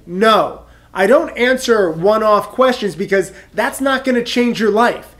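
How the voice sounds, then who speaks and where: A man's voice: high voice, measured pace, a bit bright. A man in his thirties with a stuffed-up head cold, talking straight to camera as a trading mentor in an emphatic, rambling, self-assured way. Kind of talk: direct-to-camera vlog monologue.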